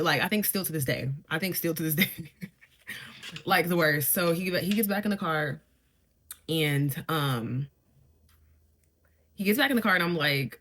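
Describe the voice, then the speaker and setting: A woman's voice: low voice, fairly quick, pauses often. Chatty woman telling a storytime. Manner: chatty, animated, laughing asides. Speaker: beauty vlogger. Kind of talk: casual storytime while doing makeup.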